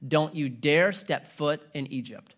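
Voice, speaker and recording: A man voicing a commanding eighty-year-old Roman envoy in a sermon story, speaking low, quiet and firm. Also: measured pace. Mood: stern.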